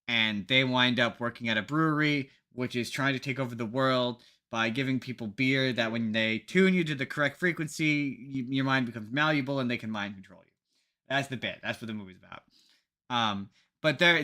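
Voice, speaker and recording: Canadian guy on a podcast, bright tense voice, rambly and jokey. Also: medium pitch. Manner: rambling, jokey, many restarts. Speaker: podcast co-host. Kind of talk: casual podcast chat.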